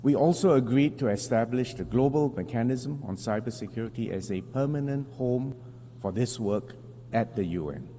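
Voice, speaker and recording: A foreign minister from Singapore, with a mid-range, dark-toned voice, gives a formal speech at an international assembly, measured and deliberate, pausing for emphasis and correcting small slips. The large assembly hall adds long reverb and a faint hum.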